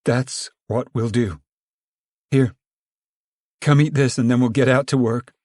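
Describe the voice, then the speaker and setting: A man's voice: medium pitch, steady tone, unhurried, darkish tone, no echo, clean studio sound, pitched above the performer's own voice, close to an everyday voice. A man voicing an anxious older rural mother, speaking in a firm, pleading drawl.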